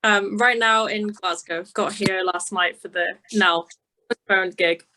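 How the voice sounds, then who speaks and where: Bright-voiced woman on a video call. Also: mid-range voice, steady tone, unhurried, low-quality recording. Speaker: podcast guest. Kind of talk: casual video-call interview.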